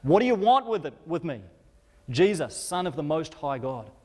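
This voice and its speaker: Shrieking demon horde, as a preacher puts it on. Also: male voice, measured pace, darkish tone. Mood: terrified. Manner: high, desperate pleading cries.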